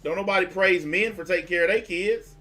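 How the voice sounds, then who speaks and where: A man's voice: high voice, a little fast, pushed and bright, faint music behind. A man, ranting bluntly and mockingly as a livestream host taking calls. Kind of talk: profane livestream rant.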